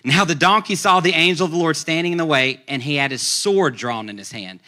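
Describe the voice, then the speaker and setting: A male pastor preaching a sermon, retelling a story in a lively, conversational way and acting out the characters' lines. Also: a little high, a little fast. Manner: conversational, uses casual slang.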